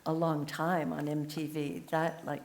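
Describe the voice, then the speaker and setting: A woman in her seventies, a memoir author talking as a guest in a casual onstage conversation, telling lively stories and acting out the voices she quotes. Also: deep voice, measured pace. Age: 70s. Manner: animated storyteller who acts out quoted voices. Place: live talk event on stage.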